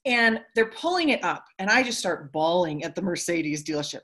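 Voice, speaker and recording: A middle-aged woman giving a motivational talk to a group, telling stories and acting out quotes with big jumps in her voice. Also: moderate pace. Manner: animated storytelling, acts out quotes with big pitch jumps. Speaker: motivational speaker.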